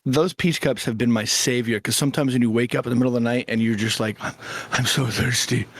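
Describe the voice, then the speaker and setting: A man's voice: medium pitch, fairly even intonation, quick pace. A man guesting on a casual podcast, talking with hesitant restarts, easy laughter and casual swearing.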